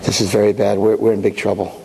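A man voicing a worried male good angel in a low, anxious voice. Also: little pitch movement, fast talker, creaky, dark tone, a little hiss or hum. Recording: echoey hall.

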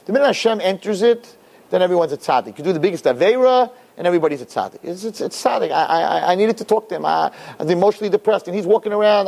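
A middle-aged man giving an animated Torah lecture to an audience, acting out quotes in funny voices. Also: fast talker, vocal fry. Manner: expressive, acts out quotes with big pitch jumps. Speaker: Torah teacher.

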